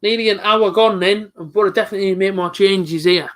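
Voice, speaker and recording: A man's voice: sits high, steady tone, fast talker, a bit bright. A young man giving live reaction commentary on a football match, chatty and openly frustrated. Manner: chatty, frustrated, talks back to off-mic friend. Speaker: football fan streamer.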